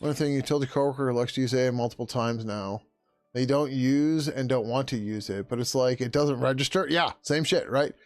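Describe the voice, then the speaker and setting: A tired man on a casual coding livestream, swearing, laughing and muttering code names as he works, his throat getting hoarse. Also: mid-range voice, fairly quick, darkish tone, no echo. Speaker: livestreaming programmer.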